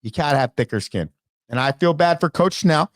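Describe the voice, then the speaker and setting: Host-coach, high and lively, emphatic rant, dry close mic. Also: male voice, fairly quick, no echo. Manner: emphatic, exasperated, ranting. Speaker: baseball coach and show host. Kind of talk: casual sports commentary rant.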